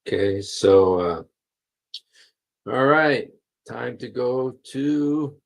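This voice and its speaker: A man's voice: medium pitch, expressive, drawn-out words, vocal fry, poor audio. A man hosting a livestream, reading passages aloud and commenting with emphatic repetition and frequent fillers. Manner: emphatic, repeats key phrases, many fillers. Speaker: livestream host. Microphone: computer mic while streaming.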